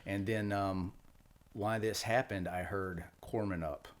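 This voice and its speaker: A man's voice: lowish voice, steady tone, a little slow. A middle-aged man, a retired Marine, recounting his experiences in a loose, matter-of-fact way with fillers and restarts. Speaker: podcast guest, retired Marine. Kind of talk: casual storytelling interview.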